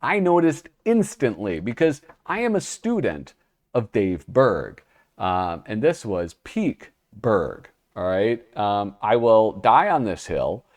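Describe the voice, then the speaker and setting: Chatty man with a lively, lowish voice. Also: slow pace. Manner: chatty, laughing at himself, mock-dramatic reading. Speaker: podcast host reviewing old magazines. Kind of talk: casual commentary and reading aloud.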